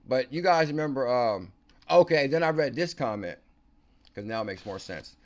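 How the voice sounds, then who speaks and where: A man hosting a casual crypto livestream, excitable and slangy, talking to viewers by name. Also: mid-range voice, moderate pace. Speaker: crypto channel host.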